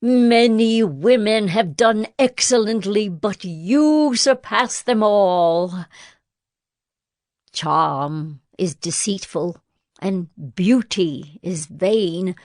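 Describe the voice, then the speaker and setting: Female scripture reader, unhurried, measured, dry close recording. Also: medium pitch, a little mellow, dry recording. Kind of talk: scripted Bible reading.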